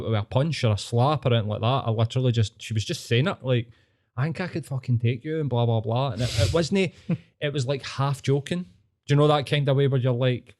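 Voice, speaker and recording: This podcast host from Scotland has a mid-range, slightly mellow voice. In casual conversation he spins meandering stories and doesn't hold back on the swearing.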